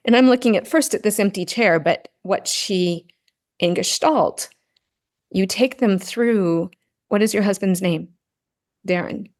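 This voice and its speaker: Middle-aged woman telling a story earnestly. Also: medium pitch. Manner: earnest storytelling, frequent "right?" tags. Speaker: podcast guest, grief and Gestalt practitioner. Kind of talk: casual interview conversation.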